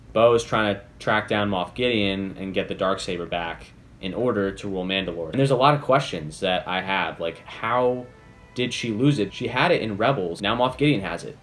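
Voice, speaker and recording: A man's voice: lowish voice, animated, normal speed. A man giving a casual, enthusiastic spoiler review, chatty and full of "basically" and "like". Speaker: video reviewer.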